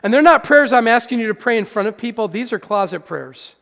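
Male pastor, high gravelly voice, dynamic sermon delivery, echoey church hall. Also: lively intonation, fairly quick. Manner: preaching with swings from hushed to loud, calls to the congregation.

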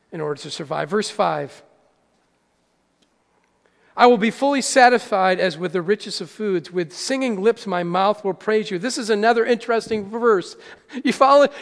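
A man preaching a sermon as pastor, swinging from hushed to loud and calling out to the congregation. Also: sits high, gravelly. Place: church hall. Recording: echoey hall.

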